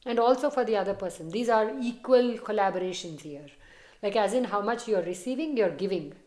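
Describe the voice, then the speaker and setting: Talking directly to her audience during a reading, this tarot reader keeps things chatty and comforting. She has a medium-pitched, darkish voice and a brisk delivery.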